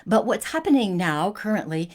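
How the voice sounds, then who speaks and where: A woman's voice: medium pitch, big pitch swings, moderate pace, a little mellow. A woman hosting a spiritual talk, telling a personal story in an earnest, conversational way with frequent restarts.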